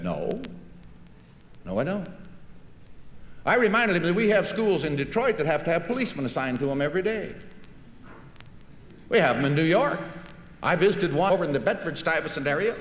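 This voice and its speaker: Male orator with a folksy storytelling delivery, voice a bit high, recorded in a reverberant hall. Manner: folksy storytelling, acts out dialogue. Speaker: public speaker. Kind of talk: speech. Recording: echoey hall recording with faint hiss.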